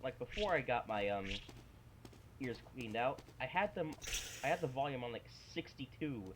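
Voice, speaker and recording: Joking, swearing gamer guy over loud gunfire. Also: mid-range voice, moderate pace, noisy background. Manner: joking, excitable, swears casually. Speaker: gaming channel host. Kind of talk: casual let's-play commentary. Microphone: desktop microphone. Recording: loud game gunfire and rockets behind. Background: loud game sounds.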